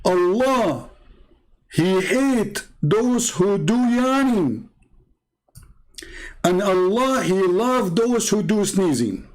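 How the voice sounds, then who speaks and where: High-pitched guy ranting on his stream, broken english, pushy. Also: very animated, very slow, long pauses, a little mellow, rough recording. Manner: emphatic, broken English grammar. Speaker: live-stream host. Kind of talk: polemical debate talk.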